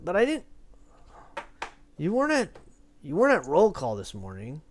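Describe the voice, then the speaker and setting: A man's voice: on the high side, huge pitch swings, moderate pace, a little hiss or hum, pitched above the performer's own voice. A man voicing a nosy male acolyte guard on night shift who questions and teases a newcomer. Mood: teasing. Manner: teasing, suspicious questioning.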